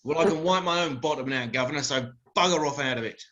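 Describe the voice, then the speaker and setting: A man acting out a rude, boastful detective with a British accent, in a slightly high voice. He talks in a brash, crude way. The live recording sounds dull and lo-fi. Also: fast talker, fairly bright tone, natural voice. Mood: scornful. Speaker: sketch performer. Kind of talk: live comedy sketch.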